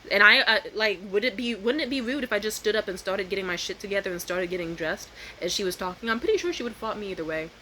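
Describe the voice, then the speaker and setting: A young woman vlogging a casual storytime rant, swearing freely and switching to high, loud voices when she quotes people. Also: fast talker, few pauses, a little hiss or hum. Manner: animated, profane, jumps into high voices when quoting.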